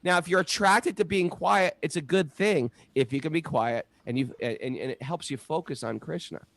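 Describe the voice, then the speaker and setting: A middle-aged man talking casually about spiritual practice, an animated storyteller who acts out the voices in his stories. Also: fairly high pitch, normal speed, creaky. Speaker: podcast co-host.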